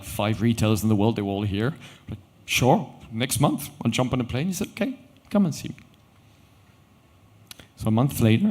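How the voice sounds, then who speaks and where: A middle-aged man tells a story on an event stage, acting out each exchange as he goes. His voice sits a little low and moves between hushed asides and livelier bursts. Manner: animated anecdotal storytelling with quoted dialogue. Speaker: watch company founder telling a story. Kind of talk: conference storytelling talk.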